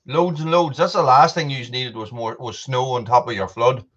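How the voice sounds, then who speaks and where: The voice is medium-pitched, steady and a bit bright, at a moderate pace: a British man hosting a casual stream. He chats with viewers by name and eats popcorn as he goes, and the audio is dull and lo-fi.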